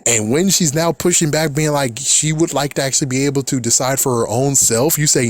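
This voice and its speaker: A man's voice: medium pitch, fairly quick, few pauses, no echo. A young adult man giving casual reaction commentary, rambling and swearing freely with frequent laughs. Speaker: reaction video host.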